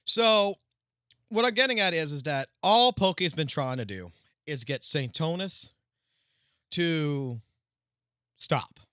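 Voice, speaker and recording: A male streamer rants heatedly into his mic, cursing and calling people out. His voice sits high and swings widely, with a bright, sharp edge. The sound is close and dry, with no room around it. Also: lively intonation, slow, pauses often, clean tone, dry recording. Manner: heated, profane, confrontational ranting. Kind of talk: live-stream drama commentary.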